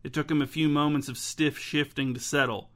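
Male narrator, audiobook, steady measured reading, higher-pitched.

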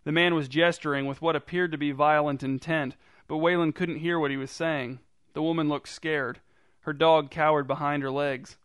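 A man reading a story aloud in a dry, deadpan narrating manner. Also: on the high side, clean tone, no room sound. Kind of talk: scripted narration.

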